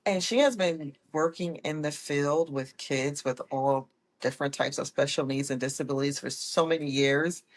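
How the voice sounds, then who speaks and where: A woman guest telling her personal story in a casual, lively way, often correcting herself as she goes. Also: low voice, normal speed. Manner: animated, acts out quoted people with voice changes; laughs often, corrects herself mid-sentence. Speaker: guest, autism mom.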